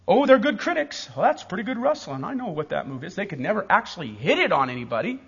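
A man in his forties preaching a sermon in an animated, emphatic, joking way. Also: sits high, fast, creaky, hardly any pauses, breathy edge, big-room sound, muffled recording.

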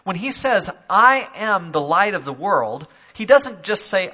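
A man preaching a sermon to a church congregation, moving from calm explanation to loud, emphatic declarations. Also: high voice, slow pace, few pauses, highs cut off. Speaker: pastor. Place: church sanctuary.

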